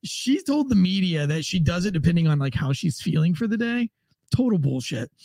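A man's voice: high-pitched, big pitch swings, a little fast, a little mellow, no echo. A man hosting a podcast, recapping celebrity news in loose, rambling casual chat with lots of fillers. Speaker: podcast host.

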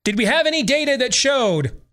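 Male podcast host, mocking and opinionated, high lively voice. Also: a little fast. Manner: sarcastic, animated, mocking repetition.

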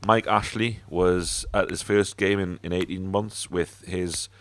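A man's voice: sits low, fairly even intonation, measured pace, no room sound. A man hosting a casual football podcast, talking bluntly with swearing and frequent fillers. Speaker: podcast host.

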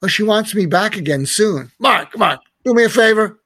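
A man's voice: high voice, animated, normal speed, fairly bright tone, husky, dry recording, studio quality, pitched above the performer's own voice, exaggerated voice. A man voicing a crusty old talk-show host with a Brooklyn accent, in a raised, needling voice. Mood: exasperated.

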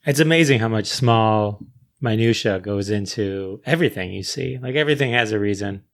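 A man's voice: lowish voice, a little fast, creaky. A man hosting a casual chat, musing on what his guest said.

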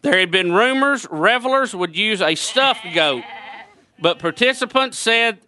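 A man's voice: high voice, animated, a little slow, sharp tone. A man co-hosting a comedic radio show, reading news and joking around. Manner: joking, reads news then riffs. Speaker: radio co-host. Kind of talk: comedic morning radio banter.

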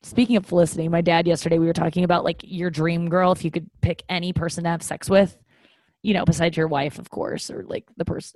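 A woman's voice: lowish voice, a little mellow, no room sound. A woman hosting a podcast, talking in a casual confessional way, rambling with many fillers and restarts, candid and self-mocking. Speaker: podcast host.

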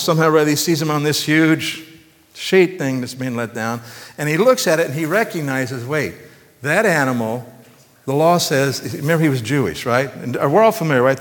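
Male pastor, folksy and conversational sermon style, joking asides, long church reverb. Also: on the high side.

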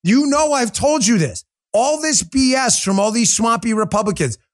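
A man's voice: very high voice, expressive, normal speed. A male talk show host doing political commentary, combative and sarcastic, firing rhetorical questions straight at his listeners.

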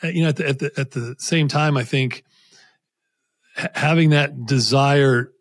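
A man's voice: medium pitch, steady tone, unhurried. A man hosting a podcast interview, asking long reflective questions in a conversational way with frequent restarts. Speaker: podcast host.

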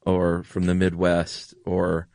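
A man's voice: low-pitched, monotone, slow, gravelly, darkish tone, no room sound, clean studio sound. A middle-aged man with a General American accent, co-hosting a podcast in casual, enthusiastic chat. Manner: enthusiastic, gushing. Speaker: podcast co-host.

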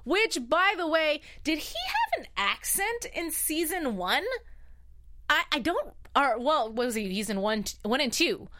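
A woman chatting through a TV episode recap in a casual, emphatic way. Her voice sits a little high and swings widely in pitch, so she sounds lively and expressive as she reacts openly to each twist. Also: unhurried. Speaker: TV show recap host. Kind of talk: casual live recap chat.

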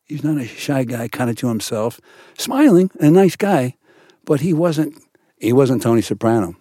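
An older man, an actor guest in a studio podcast interview, telling stories in an animated way with many restarts. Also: medium pitch, moderate pace, dry recording. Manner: animated storyteller, frequent restarts.

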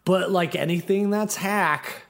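A man's voice: sits high, unhurried, gravelly, fairly bright tone. A man co-hosting a podcast in casual chat, rambling with many fillers as he tells a story. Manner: rambling, lots of fillers and restarts. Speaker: podcast co-host.

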